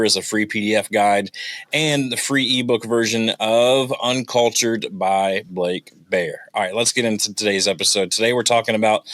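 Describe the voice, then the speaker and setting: Male podcast host, fairly low voice, chatty and playful, reads the promos with ease. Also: a bit bright, no echo. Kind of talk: casual podcast chat.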